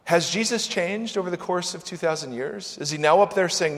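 A male pastor giving a conversational sermon, with animated swings between loud, emphatic lines and soft asides. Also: high voice, fairly quick, few pauses. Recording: long church-hall reverb.

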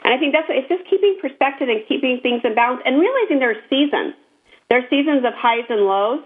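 A woman's voice: high voice, animated, quick pace. A woman co-hosting a casual chat, speaking in an earnest, encouraging way. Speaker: podcast co-host. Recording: tinny phone-line sound.

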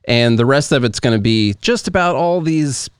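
Podcast co-host, male, smooth and resonant, dry close sound, casual commentary over articles and charts. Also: mid-range voice, animated, moderate pace, no room sound. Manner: reads articles aloud and explains charts with asides.

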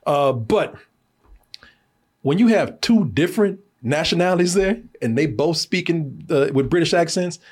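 A man's voice: on the high side, lively intonation, unhurried. An American man hosting a film review podcast in casual chat. He talks animatedly, laughs often, swears and uses lots of fillers.

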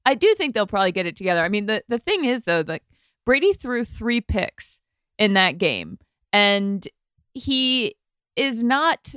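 A woman's voice: mid-range voice, big pitch swings, measured pace, fairly bright tone, clear, resonant tone, no room sound, clean studio sound. A woman from New England talking sports as a panelist, candid and self-deprecating. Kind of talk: casual sports chat.

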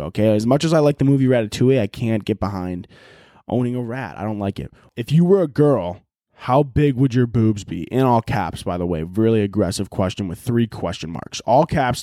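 A man's voice: fairly low pitch, animated, a little fast, no echo, studio quality. Profane rambling male podcast host. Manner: profane, rambling and self-mocking; jumps to loud exaggerated voices when acting out scenes. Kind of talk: solo casual podcast chat.

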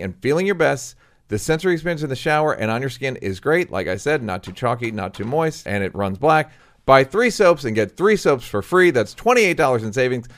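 A male podcast host with a dry, deadpan delivery. He talks casually with guests and reads sponsor spots. His voice sits at a middling pitch. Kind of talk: casual interview and host-read ad.

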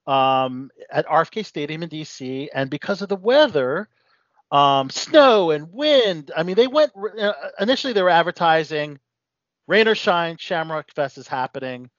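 A man's voice: fairly high pitch, expressive, normal speed, dry recording, dull audio. A man hosting a casual radio talk show, rambling with lots of fillers.

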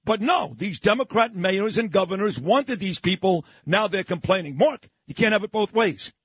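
A man's voice: high-pitched, expressive, normal speed, fairly bright tone, slightly rough, no room sound. A man hosting a morning talk radio show, ranting in a fired-up, opinionated way. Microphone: studio microphone.

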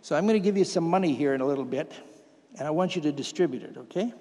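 A man preaching a sermon, drawing volunteers from the congregation into a demonstration in a folksy way that builds to loud, emphatic preaching. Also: a little high, quick pace. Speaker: pastor. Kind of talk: sermon with audience participation. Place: church hall with congregation. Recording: hall reverb.

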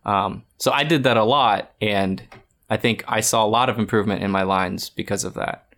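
A man's voice: fairly low pitch, moderate pace, fairly bright tone. 30s guy chatting about drawing, rambly, lots of restarts. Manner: rambling, frequent restarts and fillers. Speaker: art podcast co-host. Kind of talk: casual chat giving drawing advice.

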